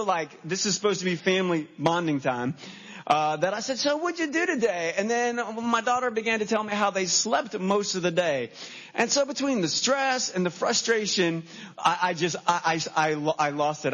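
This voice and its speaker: A man's voice: high voice, fairly bright tone. A man preaching a sermon as a pastor, telling stories animatedly and acting out his own reactions on a church stage. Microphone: handheld microphone. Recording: dull lo-fi sermon recording.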